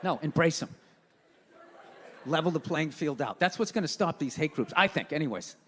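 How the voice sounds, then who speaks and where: A middle-aged man doing a loud, swearing stand-up rant on stage, heard with the reverb of a live hall and an audience. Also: fairly high pitch, expressive, moderate pace. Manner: loud, ranting, swearing, mocking. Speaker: stand-up comedian. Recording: live hall with crowd and faint noise.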